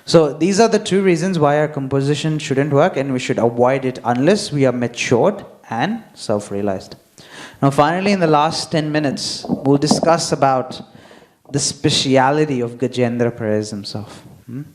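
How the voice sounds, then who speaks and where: A man's voice: medium pitch, moderate pace, a little mellow. A man giving a devotional class, speaking unhurriedly, checking in often with a questioning "hmm?" and acting out the quotes he tells. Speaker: temple speaker.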